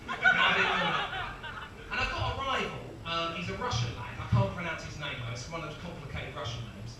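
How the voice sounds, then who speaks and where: A man's voice: on the high side, sing-song, fast, loud music behind the voice. A man in his thirties doing a chatty, self-mocking stand-up routine for a live audience. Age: 30s. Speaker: stand-up comedian. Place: comedy venue with audience. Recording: echoey venue, distant mic, crowd noise.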